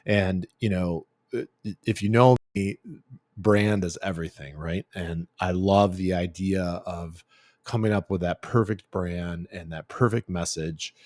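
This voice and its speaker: A man's voice: low-pitched, steady tone, unhurried, a little mellow, no room sound. A middle-aged man giving a casual branding presentation, chatty and full of fillers and restarts. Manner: chatty, filler-heavy, self-correcting. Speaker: agency CEO giving a branding talk.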